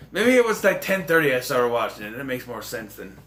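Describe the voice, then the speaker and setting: A man rambling excitably and jokingly through a casual movie review. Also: on the high side, moderate pace, long pauses, slight background noise.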